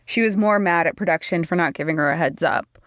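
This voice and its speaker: A woman's voice: lowish voice, fast talker, a bit bright, no room sound. Chatty woman podcast co-host, dry sound. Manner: chatty, explains step by step. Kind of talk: casual chat and legal explainer.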